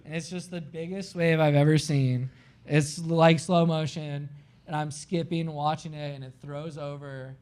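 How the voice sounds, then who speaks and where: A man from Florida, a guest on a live podcast, telling a long story in an animated way, peppered with "like" and acting out what people said. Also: a little high, a little slow. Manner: animated, heavy use of "like", acts out his own quotes.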